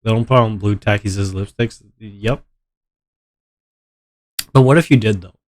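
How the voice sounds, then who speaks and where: A man's voice: fairly low pitch, unhurried. A man streaming live with a stuffy nose from allergies, chatting casually and complaining in a rambling, melodramatic way.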